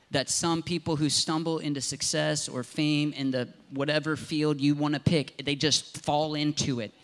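A man's voice: fairly high pitch, fairly bright tone. A man from Southern Ohio, a pastor preaching a sermon in an impassioned, conversational storytelling way.

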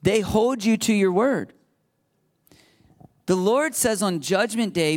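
Joking, conversational preacher with a higher voice. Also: male voice, animated, slow pace, pauses often. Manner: conversational, joking asides, laughs at himself. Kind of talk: sermon. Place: live before a congregation.

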